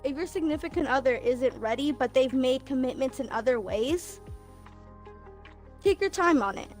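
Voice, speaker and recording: A young woman with a high, bright-pitched voice talks openly on a casual stream, laughing easily between thoughts. Soft music sits faintly underneath. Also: animated, moderate pace. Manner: candid, laughs often, emotional. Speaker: guest, best friend of host. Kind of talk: casual livestream chat.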